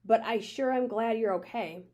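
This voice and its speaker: A woman's voice: fairly high pitch, normal speed, a little mellow, dull audio, close to an everyday voice. A woman voicing an eager, earnest young boy apprentice in a read-aloud of a children's book.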